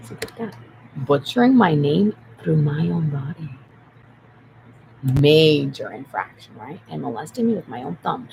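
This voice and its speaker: A speaker in a rambling monologue while typing, repeating points emphatically and swinging between whispers and loud outbursts. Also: mid-range voice, vocal fry, a little hiss or hum, poor audio. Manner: repetitive, emphatic.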